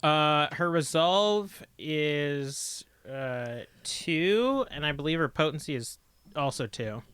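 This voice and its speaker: Bright, lively man at a game table. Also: a little high, slow pace, clean tone, dry recording. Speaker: player. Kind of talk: tabletop role-play chat.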